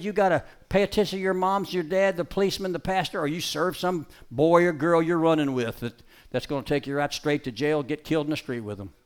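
Folksy man preaching with a dog. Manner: folksy and emphatic, swinging between loud calls and low quiet asides; gives brisk dog commands. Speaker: preacher giving a dog-training demonstration. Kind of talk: live sermon demonstration. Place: stage before a live audience.

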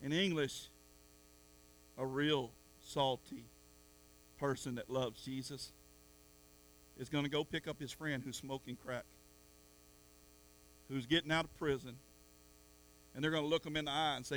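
A middle-aged man preaching a sermon in church, swinging from soft asides to loud calls at the congregation. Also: mid-range voice, fairly even intonation, unhurried, long pauses, a little hiss or hum. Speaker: pastor.

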